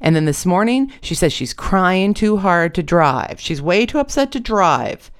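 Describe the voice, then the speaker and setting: A woman's voice: fairly low pitch, sing-song, a little slow, clear, resonant tone, voice pushed up. A storyteller voicing a blunt, brash young woman on painkillers who talks in an exasperated way and swears a lot. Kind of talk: storytelling read-aloud.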